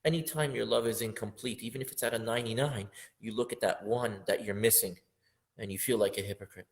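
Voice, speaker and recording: A man's voice: fairly low pitch, fairly even intonation, fast. A man teaching a religious lesson on a poem, speaking with feeling and rising to emphatic peaks. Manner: impassioned, building up to loud emphatic peaks, sometimes half-singing verses.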